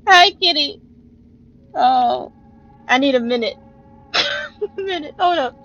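Young woman gaming on stream, really high bright voice, slow drawn-out talk, swears and screams at the game. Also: dull audio. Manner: excitable, cursing, yelling at the game; laughs nervously between jumps. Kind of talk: live gameplay commentary.

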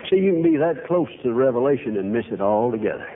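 An older man preaching a sermon, telling folksy, animated stories full of quoted dialogue. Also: mid-range voice, fast talker. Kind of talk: storytelling sermon. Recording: tinny phone-like archive recording, faint hiss.

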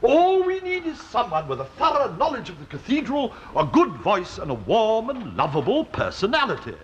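An actor playing a flustered, genial bishop in a 1960s TV sitcom, fussy and chuckling. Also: male voice, high-pitched, wildly swooping pitch, moderate pace. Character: flustered genial male bishop, middle-aged. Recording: dull lo-fi 1960s TV soundtrack, faint hiss.

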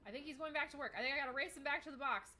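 Her high voice comes out very fast, pushed and bright. She's a young woman streaming a game, casually commenting as she plays, reading chat aloud and swearing frequently.

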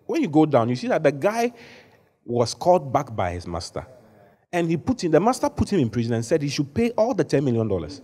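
A man preaching a sermon to a congregation in a large church hall, animated, at times shouting. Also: a little high, a little fast. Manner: animated preaching, rising to shouts when acting out the story. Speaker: bishop preaching.

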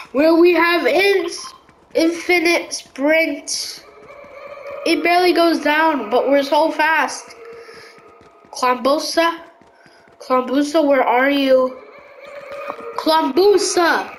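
A woman giving live gameplay commentary, excitable and slangy, often yelling reactions. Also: sits high, a little hiss or hum, poor audio. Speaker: gaming video creator.

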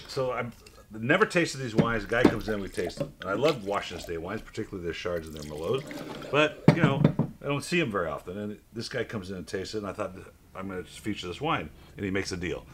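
A man hosting a wine tasting who tells an animated story in casual chat. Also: on the low side, heavy background noise. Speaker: wine club host.

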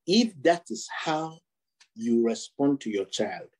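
Husky man preaching a sermon. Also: mid-range voice, animated, darkish tone, rough recording. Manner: rhetorical questions, repeated phrases, drawn-out emphasis.

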